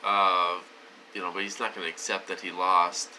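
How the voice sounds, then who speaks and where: A man talking casually to his viewers in a rambling, repetitive way, swinging between loud emphatic stretches and low mutters. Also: level tone, normal speed, slight background noise, poor audio. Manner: rambling and repetitive, with many fillers. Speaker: vlogger.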